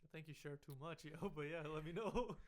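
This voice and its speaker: A man from Canada, the show's producer, chatting in a quiet, hesitant way. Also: fairly high pitch, a little fast. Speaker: podcast producer. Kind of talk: casual chat.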